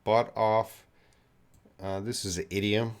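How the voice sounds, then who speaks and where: Canadian male English teacher, slightly low voice, patient live-stream explainer with lots of fillers. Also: fairly even intonation, slow pace, smooth. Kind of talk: live-stream English lesson, answering questions.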